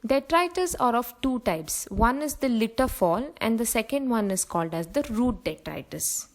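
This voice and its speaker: A woman's voice: fairly high pitch, expressive, moderate pace, rough recording. A young woman teacher giving a biology lecture, explaining terms step by step with frequent fillers.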